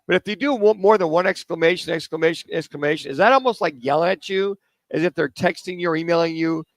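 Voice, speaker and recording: A man's voice: sits high, quick pace, no room sound, rough recording. A man hosting a sports radio show from a remote broadcast, chatting and tossing rambling questions to his co-hosts. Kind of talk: casual radio chat. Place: remote broadcast at a car dealership.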